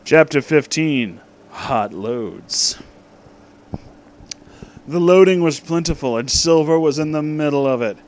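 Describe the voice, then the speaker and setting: A man narrating a comedic fan story aloud in a mock-dramatic, deadpan way. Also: on the high side, slow pace, long pauses. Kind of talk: comedic fan-fiction reading.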